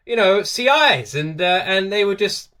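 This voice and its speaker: A man's voice: high voice, lively intonation, unhurried, pushed and bright. A man from the UK hosting a reaction video, talking casually and enthusiastically to his viewers, often repeating himself. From United Kingdom.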